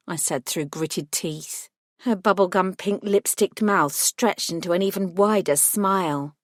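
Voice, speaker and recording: A woman reading a first-person paranormal audiobook with wry, measured narration. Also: lowish voice, dry recording, clean studio sound.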